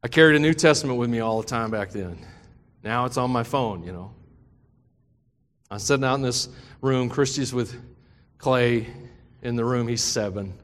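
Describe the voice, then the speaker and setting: A man's voice: medium pitch, normal speed, long pauses. A middle-aged man preaching a sermon, telling a personal story that builds into impassioned preaching. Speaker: pastor. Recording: long hall reverb.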